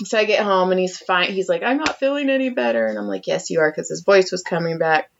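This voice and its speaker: A woman's voice: lowish voice, brisk, vocal fry, slight background noise. A woman co-hosting a podcast, telling a story in casual chat with lots of swearing and acted-out quotes. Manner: animated storytelling, acting out quotes, heavy swearing. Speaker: podcast co-host. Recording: dull lo-fi sound.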